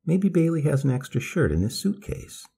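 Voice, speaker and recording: A man's voice: a little high, very animated, moderate pace, creaky, mellow, slightly rough, voice pushed up, exaggerated voice. A man voicing a fussy, pleading elderly grandmother, anxious in manner.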